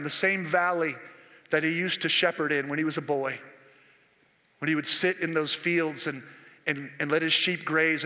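Impassioned older pastor, bright and high. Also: male voice. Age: 60s. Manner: impassioned, storytelling, rising to near-shouted peaks. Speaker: senior pastor. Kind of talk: sermon. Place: church sanctuary. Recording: long reverb of a church hall.

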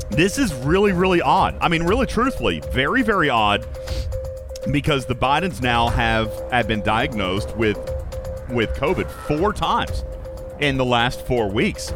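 A man with a lively, swooping voice hosts a stream and reads joke news headlines. His delivery is playful and teasing, full of silly asides. Music plays behind him. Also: medium pitch. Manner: playful, joking, animated, drifts into silly asides. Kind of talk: comedic news segment on a live stream. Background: music playing behind.

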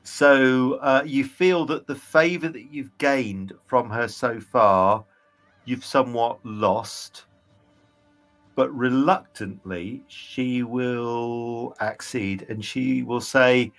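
Male game master, slow pace, faint music behind, tabletop narration. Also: medium pitch, fairly bright tone. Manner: unhurried, descriptive narration.

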